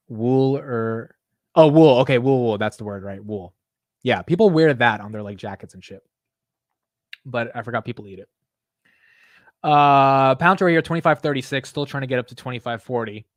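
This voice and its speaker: A man's voice: mid-range voice, dry recording, clean studio sound. A young man hosting a casual stock market livestream, chatting loosely, swearing and laughing at himself while reading chat aloud.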